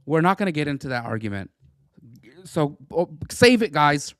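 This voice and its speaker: A middle-aged man co-hosting a casual political podcast, talking in an animated, stammering, jokey way. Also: on the high side, moderate pace, dry recording, clean studio sound. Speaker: podcast co-host.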